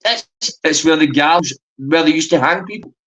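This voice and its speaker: A man with a Glaswegian accent, arguing in loud, sweary banter on a livestream. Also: fairly high pitch, brisk, poor audio. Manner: argumentative, sweary, excitable. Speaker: livestream guest. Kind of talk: heated banter.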